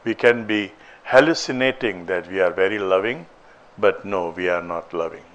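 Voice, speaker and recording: A man giving a spiritual talk as a teacher, deliberate and storytelling. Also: low-pitched, fairly bright tone. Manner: slow, deliberate, telling a moral story.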